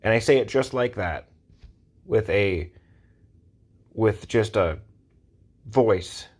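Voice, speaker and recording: Exasperated man ranting, low voice. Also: takes it slowly. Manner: exasperated, repetitive, rhetorical. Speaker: vlogger. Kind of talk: casual rant to camera. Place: Los Angeles area.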